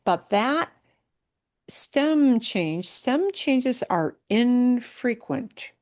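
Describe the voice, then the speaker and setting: A woman's voice: a little high, animated, drawn-out words, darkish tone. A woman teaching a Spanish class, who explains patiently, repeats words with the stress on the right syllable and keeps checking in with "yeah?" and "okay?". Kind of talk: online language class.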